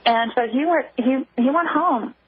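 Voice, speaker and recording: A woman guest calls in to a radio interview, her voice husky and slightly high. She halts and restarts often as she talks. The phone line is thin, tinny and dry. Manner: halting, with many restarts. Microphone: telephone.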